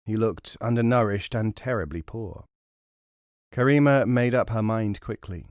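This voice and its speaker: Dry, measured male storyteller. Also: lowish voice, darkish tone, no room sound. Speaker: audiobook narrator. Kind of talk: scripted novel narration.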